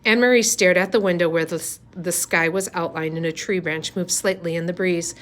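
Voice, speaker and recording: A woman reading a novel aloud, unhurried, with small slips and restarts. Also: fairly low pitch, fairly even intonation, a bit bright. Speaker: reader.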